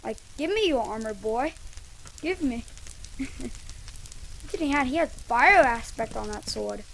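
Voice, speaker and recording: A woman giving chatty, rambling live gameplay commentary as a gaming channel host, breaking into excited yells. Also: fairly high pitch, unhurried, vocal fry, poor audio. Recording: loud noise and mouse clicks.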